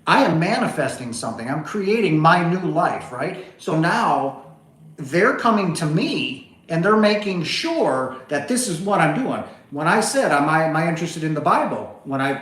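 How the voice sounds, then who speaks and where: A man hosting a spiritual livestream, telling a story in a rambling casual monologue full of asides. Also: a little high. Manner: rambling, animated, full of asides like "right?" and "okay?". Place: home, on a couch. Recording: echoey room.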